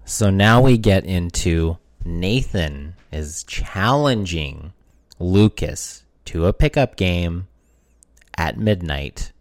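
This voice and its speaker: Podcast co-host, male, very low voice, sarcastic and profane, dry booth sound. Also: lively intonation, takes it slowly, dry recording. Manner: sarcastic, profane, wrestling jokes. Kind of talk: casual chat.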